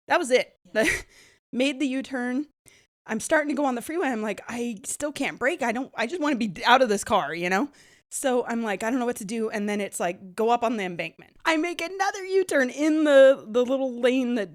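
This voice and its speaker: Brief: woman, casual animated storyteller, laughs a lot, chatty filler words. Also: mid-range voice. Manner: animated, laughing, heavy use of "like".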